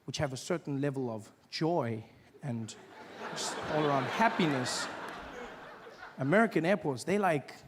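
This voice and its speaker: A man performing a stand-up comedy routine on stage before a live audience, animated and mocking as he acts out little scenes. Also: fairly high pitch, unhurried, long pauses, noisy background.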